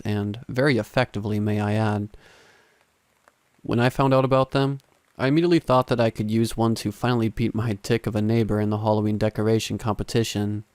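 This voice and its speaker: A man narrating first-person horror stories in a steady, grave, scripted storytelling manner. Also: lowish voice, fast.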